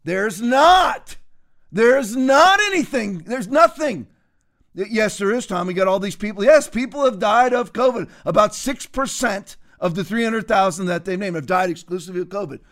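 A man's voice: sits high, brisk, fairly bright tone. A man hosting a heated political commentary, ranting emphatically and sarcastically while quoting Bible verses. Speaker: host.

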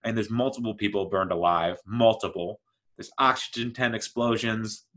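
A man's voice: on the low side, normal speed, bright, forceful tone. A man chatting casually as he reviews a TV series, rambling and enthusiastic, with lots of fillers. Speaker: TV show reviewer.

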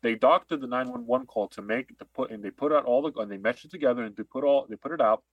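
A man's voice: medium pitch, fast, dry recording, narrow, tinny audio. A man co-hosting a podcast, ranting emphatically in heated political chat and repeating his points. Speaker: podcast co-host.

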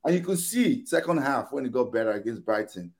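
A man's voice: medium pitch, a little fast. Man ranting animatedly about football. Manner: animated, exasperated ranting with quoted back-and-forth. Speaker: podcast panelist. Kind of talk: casual football chat.

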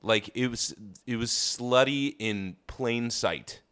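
A man's voice: medium pitch, slow pace, fairly bright tone. A man in his thirties who grew up around Kansas City, co-hosting a podcast in crude, joking casual banter and laughing often. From Kansas City area. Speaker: podcast co-host.

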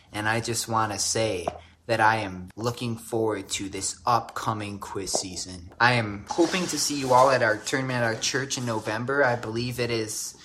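A man's voice: on the low side, a bit bright, a little hiss or hum. A man joining a podcast as a guest, talking in an upbeat, lighthearted way. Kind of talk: casual podcast talk.

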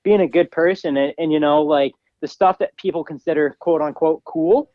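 A young man, a guest on a podcast, telling a story in a casual, animated way and putting on a higher voice when he quotes other people. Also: moderate pace, no echo, narrow, tinny audio. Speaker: guest, ATV racer.

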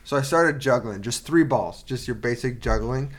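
Man telling a rambling deadpan story. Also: mid-range voice, normal speed. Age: 20s. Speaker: podcast host. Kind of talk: casual comedic chat.

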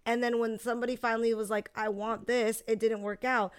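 A woman's voice: on the high side, a little fast, clean tone, dry recording, studio quality. Blunt, swearing young woman podcaster. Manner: blunt, swears freely, animated storytelling. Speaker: podcast co-host. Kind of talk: casual chat.

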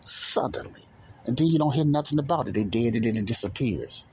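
A man's voice: mid-range voice, animated, brisk, darkish tone, breathy edge. A man, hosting a solo show and delivering an angry, preachy monologue that repeats its points and rises to emphatic outbursts. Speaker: podcast host.

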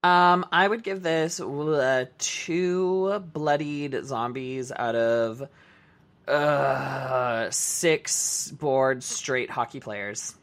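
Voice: medium pitch, extremely slow, fairly bright tone. A podcast co-host chatting casually about video games in a laid-back, jokey way. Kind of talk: casual chat.

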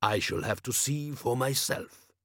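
A man reading an audiobook voices a calm, shrewd desert lord who asks dry, measured questions. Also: mid-range voice, gravelly, no room sound. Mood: cool.

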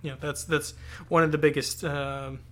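A man's voice: a little high, flat delivery, moderate pace. A man co-hosting a podcast, talking through a novel in a casual, thoughtful way that rambles and restarts often. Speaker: podcast co-host. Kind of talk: casual book discussion.

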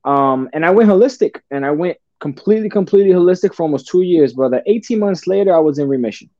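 A man's voice: on the high side, expressive, fast talker, warm tone, dry recording. A man as a podcast guest telling his story in a casual, profane way, often calling the listener "brother" and restarting his sentences. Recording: dull lo-fi podcast audio.

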